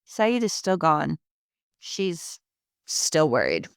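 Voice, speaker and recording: A woman with a New Jersey accent hosting a podcast, recapping an episode in a chatty, sarcastic way with animated asides. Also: deep voice, slow, clean tone, no echo, studio quality. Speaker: podcast host. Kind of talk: casual episode recap chat.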